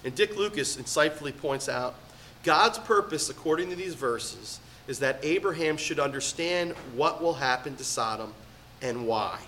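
A middle-aged man preaching a sermon as pastor, swinging between loud emphatic peaks and quiet asides. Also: a little high, animated, normal speed, a little hiss or hum.

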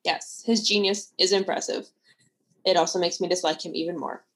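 A woman co-hosting a casual book-talk show, enthusiastic and quick to laugh as she gives her opinions. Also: lowish voice, steady tone, fairly bright tone. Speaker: podcast co-host.

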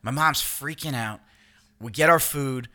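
A man's voice: mid-range voice, unhurried, pushed and bright. A middle-aged man telling a long story in casual podcast chat, rambling and swearing, often restarting his sentences. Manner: rambling, profane, self-interrupting. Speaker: podcast co-host.

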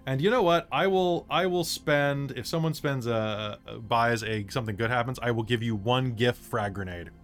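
A man's voice: medium pitch, normal speed, few pauses. Guy running a tabletop game, rambly, keeps restarting, music playing under. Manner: rambling, full of restarts and fillers. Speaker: game master.

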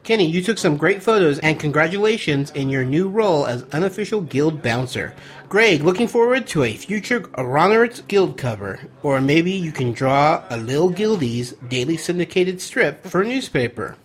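A man's voice: fairly high pitch, very animated, moderate pace. A man hosting a podcast, chatting casually, laughing easily and reading out listener emails. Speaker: podcast host.

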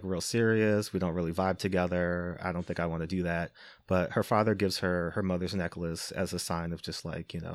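A low-voiced man recaps a film for a podcast, loose and wry, with frequent "um"s and quick laughs. The sound is dry and close, with hardly any room around him. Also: no room sound. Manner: wry, laughing, filler-heavy. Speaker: podcast host. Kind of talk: casual movie recap.

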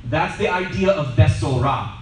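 A man teaching scripture as a Bible teacher, lively and animated, sometimes acting out shouting scenes. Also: fairly high pitch, normal speed, slight background noise. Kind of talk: teaching sermon. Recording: echoey room, voice from a distance.

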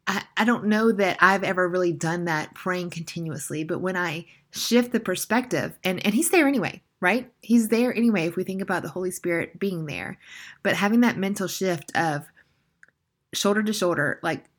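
A woman in her twenties hosting a faith podcast, talking in an earnest, encouraging, conversational way. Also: lowish voice. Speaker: podcast host. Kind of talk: casual faith podcast monologue.

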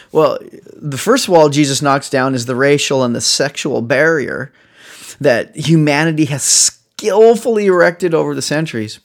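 A man preaching a sermon, animated and chuckling, acting out the lines of people in the story as he retells it. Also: on the high side, unhurried, creaky. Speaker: pastor.

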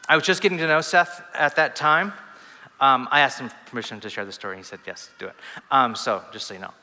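In a church hall with long, echoing reverb, a male pastor delivers a sermon. His medium-pitched voice has a sharp tone as he tells stories in a conversational style, restarting often and using many fillers.

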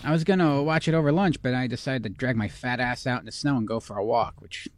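A man's voice: mid-range voice, quick pace, no room sound. A man co-hosting a podcast in casual chat, bantering easily and joking around. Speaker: podcast co-host.

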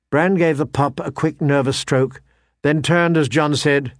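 A male audiobook narrator reading fantasy prose in a measured, expressive storytelling manner. His voice sits somewhat high for a man, and the recording is close and dry with no room sound. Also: no echo.

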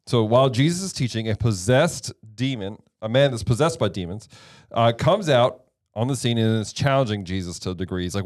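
Man hosting a bible study chat, lively up-and-down voice, dry close mic. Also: on the low side, a little fast, no echo. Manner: animated, laughs easily, reads scripture aloud. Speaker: podcast host and Bible teacher. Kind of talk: casual Bible study discussion.

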